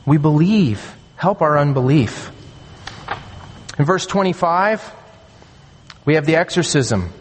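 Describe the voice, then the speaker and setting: A man preaching a sermon as a pastor, earnest and emphatic, slowing down to stress key phrases. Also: on the high side, expressive, a little hiss or hum. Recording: long hall reverb.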